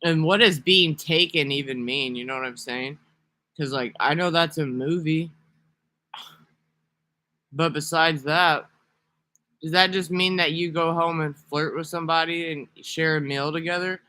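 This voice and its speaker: A man's voice: fairly high pitch, fairly even intonation, a little slow, bright, forceful tone, dry recording. A man talking casually to camera in a rambling, profane, sarcastic vlog monologue. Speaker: vlogger.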